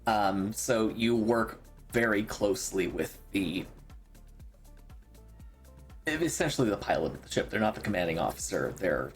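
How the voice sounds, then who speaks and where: A man running a tabletop game as game master, describing scenes in a relaxed way with many fillers. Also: fairly low pitch, measured pace, long pauses, soft background music.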